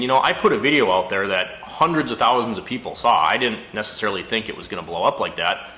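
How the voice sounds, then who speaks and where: A man's voice: medium pitch, reverberant. A man, an auto mechanic, telling a frustrated story in a casual rant, with exasperated asides. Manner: exasperated, storytelling, animated retelling. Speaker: auto mechanic and shop owner. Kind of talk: casual ranting monologue.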